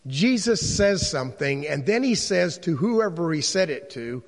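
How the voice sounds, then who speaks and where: A man's voice: fairly high pitch, sing-song, unhurried, vocal fry. A man teaching a Bible class in a conversational way, posing rhetorical questions to his listeners. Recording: long reverb in a large room.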